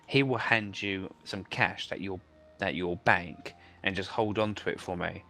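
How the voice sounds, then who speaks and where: Low-voiced man rambling a story. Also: fairly even intonation, a little slow, gravelly, pushed and bright. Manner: rambling anecdote, many fillers and restarts. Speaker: gamer telling a story. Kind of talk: casual chat over gameplay.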